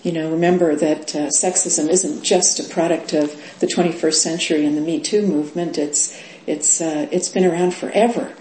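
A middle-aged woman teaching as a Zen teacher in a dharma talk, unhurried, with many fillers and laughs. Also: low-pitched, fairly even intonation, warm tone, a little hiss or hum. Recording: roomy echo.

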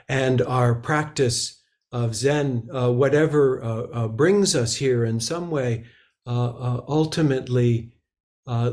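A man giving a Zen dharma talk, slow and halting, with many filler sounds between phrases. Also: mid-range voice, a little mellow. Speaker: Zen teacher.

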